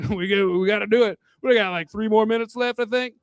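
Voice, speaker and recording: At a bar hosting a live comedy night, a man does a stand-up set into a handheld microphone, crude, rambling, a bit tipsy and chuckling at his own jokes. His high voice is brisk with a clean tone, and the recording is dry.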